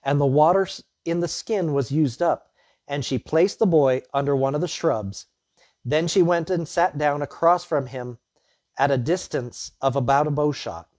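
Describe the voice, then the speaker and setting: A man's voice: a little high, normal speed, a little mellow, no room sound, clean studio sound. A man preaching a sermon as pastor, reading the Bible passage and then retelling the story in plain, conversational words with his own asides.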